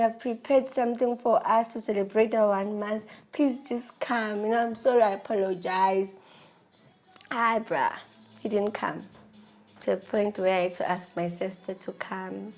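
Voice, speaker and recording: A woman telling her own story in an animated, emotional way, acting out the dialogue. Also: medium pitch. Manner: animated, emotional retelling with acted-out dialogue and laughs. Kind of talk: personal storytelling.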